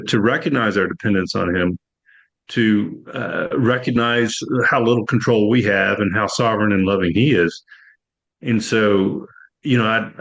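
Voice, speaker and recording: A man who owns a business, answering reflectively with halting, thoughtful pauses. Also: on the low side, vocal fry, fairly bright tone, low-quality recording. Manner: thoughtful, halting, searching for words. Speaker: business-owner guest. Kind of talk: reflective conversation.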